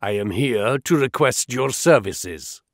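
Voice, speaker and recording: A hearty old pirate captain, gruff and good-humoured, breaking into booming laughs, with a lilting, lively voice as a male reader puts him on. His slow, unhurried words come through dry and close, with no room sound. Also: no echo. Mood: jovial.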